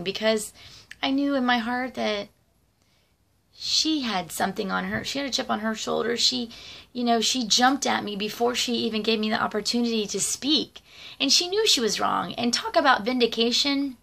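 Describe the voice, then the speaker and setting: A middle-aged woman vlogger tells personal stories casually, rambling with plenty of fillers and asides. Her voice is on the high side and a bit bright, with vocal fry, at a moderate pace.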